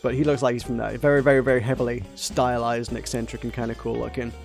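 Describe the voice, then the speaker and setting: A man's voice: mid-range voice, level tone, fast, gravelly, music in the background. A man hosting a let's play, chatting in a rambling, self-deprecating way while reading game dialogue. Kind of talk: casual game commentary.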